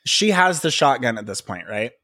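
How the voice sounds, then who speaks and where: A man's voice: mid-range voice, sing-song, moderate pace, sharp tone, dry recording, clean studio sound. A man co-hosting a podcast, chiming in with wry quips about a film in casual chat. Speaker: podcast co-host.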